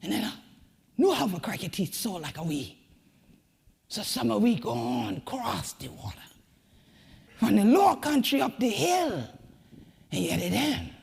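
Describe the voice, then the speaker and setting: A woman with a Gullah Geechee accent, from the Sea Islands, giving a rhythmic spoken-word keynote that swings between whispers and shouts. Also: medium pitch, very animated, unhurried, gravelly, long pauses, breathy edge, big-room sound. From Sea Islands of the American Southeast. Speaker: community leader and keynote speaker.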